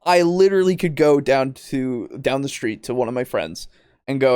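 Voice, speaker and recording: A man's voice: medium pitch, expressive, normal speed, darkish tone, smooth, dry recording, clean studio sound. A man hosting a podcast, ranting in exasperation, swearing often and laughing mid-sentence. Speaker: podcast host.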